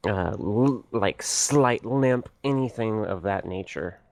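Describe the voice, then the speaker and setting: Slow, low-voiced hesitant male gamer. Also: a little mellow. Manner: hesitant, many fillers and restarts. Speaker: player. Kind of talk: tabletop game play, casual.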